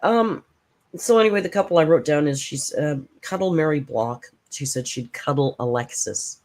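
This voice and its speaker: A woman's voice: sits low, expressive, moderate pace, darkish tone. Sarcastic, blunt woman commentator. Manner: sarcastic, blunt, swears freely. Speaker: reaction channel host. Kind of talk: casual commentary on a livestream.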